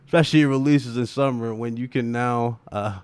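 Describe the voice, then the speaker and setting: A man hosting a gaming livestream, ranting and laughing in animated, profane casual chat. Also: mid-range voice, smooth, no echo.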